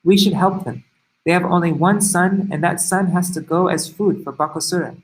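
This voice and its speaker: A man reading the lines of a kind, resolute mother of five sons, calm and gently commanding. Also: high-pitched, normal speed, natural voice, low-quality recording. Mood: reassuring.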